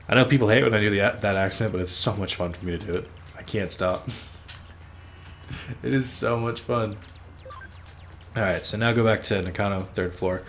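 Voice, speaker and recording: A man's voice: fairly low pitch, moderate pace, pauses often, a bit bright, a little hiss or hum. A man hosting a let's play, rambling casually as he plays, swearing freely and teasing himself. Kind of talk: casual gameplay commentary.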